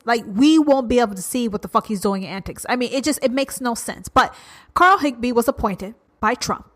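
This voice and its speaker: A woman's voice: fairly high pitch, fairly bright tone. A woman hosting her own podcast, ranting bluntly and profanely in an uncensored solo talk. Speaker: podcast host.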